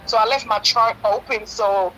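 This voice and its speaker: A woman's voice: fairly high pitch, fairly even intonation, normal speed, bright, forceful tone, a little hiss or hum, low-quality recording. A woman in her fifties calling in to a talk show, pleading and telling a hurtful story at length. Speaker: caller. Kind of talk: call-in radio talk.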